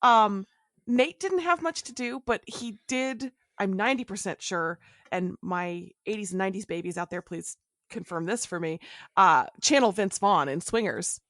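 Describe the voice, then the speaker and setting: A woman co-hosting a casual TV recap podcast, animated and quick to laugh as she quotes favorite lines. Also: medium pitch, no room sound, clean studio sound. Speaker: podcast co-host.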